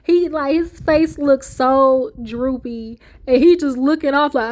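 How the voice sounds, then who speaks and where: Woman, high-pitched voice, animated storyteller, quotes people in their voices. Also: takes it slowly, few pauses. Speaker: reality TV recapper. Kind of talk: casual chat, retelling with acted quotes.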